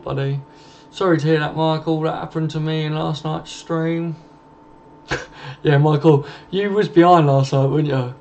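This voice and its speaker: A man's voice: on the high side, gravelly, darkish tone. A young man hosting a late-night live stream from home, casually reading out and answering viewer comments and swearing freely. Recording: dull lo-fi stream audio with faint noise.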